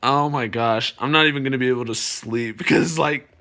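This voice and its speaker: A young man, a balloon artist, chatting excitedly and jokingly with viewers on a live stream. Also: medium pitch, fairly quick. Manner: excitable, joking, playful voices.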